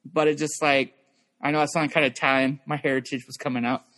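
Young male podcast guest, rambling and loose, voice on the higher side. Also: level tone, fast talker, a bit bright. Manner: rambling, filler-heavy, restarts often. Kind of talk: casual chat.

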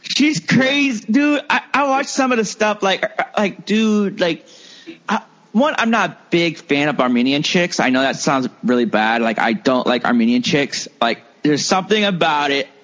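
A man's voice: fairly high pitch, lively intonation, normal speed, a bit bright. Rambling man telling stories, muffled sound. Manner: rambling storyteller, heavy filler words and profanity. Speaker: guest, comedian and filmmaker. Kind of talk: casual podcast chat. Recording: muffled lo-fi recording.

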